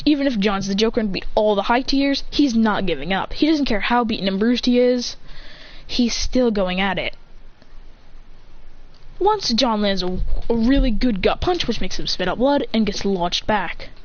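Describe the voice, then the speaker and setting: A woman's voice: a little high, moderate pace. Rambling woman telling a fan story. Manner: rambling and excited, many restarts. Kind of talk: improvised fan story narration. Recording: dull lo-fi recording with faint hiss.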